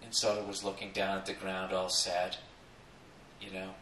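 Profane man telling a story on a podcast, low voice. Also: moderate pace, echoey room, distant mic, slight background noise, poor audio. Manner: profane, animated, jumps into loud acted quotes. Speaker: podcast host. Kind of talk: comedic storytelling monologue.

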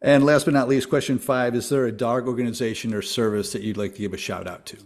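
A man hosting a podcast, asking a guest questions in an upbeat way and slowing down to stress key words. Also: mid-range voice, fairly even intonation. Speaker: podcast host. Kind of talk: casual interview questions.

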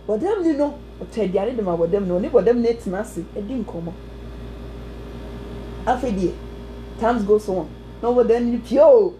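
A woman delivers a lively testimony sermon, her fairly high voice mellow and warm. She bursts into exclamations and short bits of song as she preaches. A faint hum of noise sits under her voice. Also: moderate pace, low-quality recording. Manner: animated, exclaiming, breaks into song. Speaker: prophetess preacher. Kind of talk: sermon testimony mixing Twi and English.

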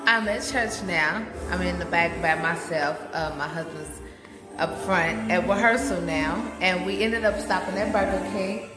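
A woman's voice: fairly low pitch, measured pace, over music. A woman, a mother, chatting casually to her viewers in a vlog. She laughs often and talks straight to the camera about her day. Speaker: vlogger, mother. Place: outdoors and in a car, sunny day.

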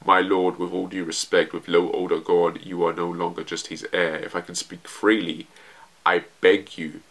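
A man reading aloud the lines of a grave male samurai retainer who is stern about honor, in a low, quiet voice. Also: little pitch movement, moderate pace. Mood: solemn.

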